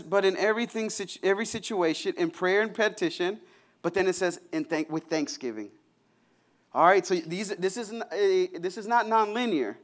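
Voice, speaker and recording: High-voiced animated young preacher. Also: male voice. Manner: conversational, animated, acts out prayers and chatter. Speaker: pastor. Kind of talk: sermon.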